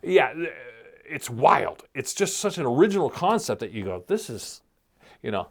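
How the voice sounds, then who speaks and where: A man's voice: mid-range voice, very animated, moderate pace, creaky. A man co-hosting a casual podcast chat, rambling as he retells a show's plot in quoted voices. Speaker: podcast co-host.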